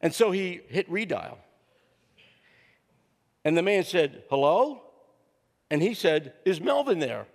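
Sitting high in pitch, this older preacher's gravelly voice turns sing-song, a little slow, and pauses often. A guest speaker and counselor, he tells funny stories in the church sanctuary and plays out people's quotes, with the hall's long reverb audible.

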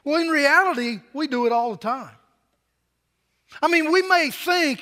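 An older male pastor with a notably high voice tells a story from the pulpit, conversational and full of asides. His words ring out with a long reverb in a church hall. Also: expressive, normal speed, bright, forceful tone. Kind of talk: sermon.

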